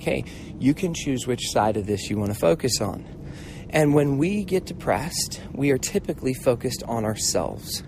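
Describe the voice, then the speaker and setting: A middle-aged man hosting a motivational mentoring talk, telling stories in a casual, animated way and acting out voices, with a swear word now and then. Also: mid-range voice, slight background noise. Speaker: host, mentor.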